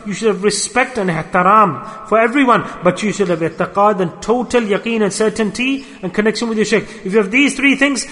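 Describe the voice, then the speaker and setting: A man's voice: high voice, a little fast, hardly any pauses, pushed and bright. A man preaching a storytelling sermon, earnest and repeating phrases for emphasis. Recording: long hall reverb.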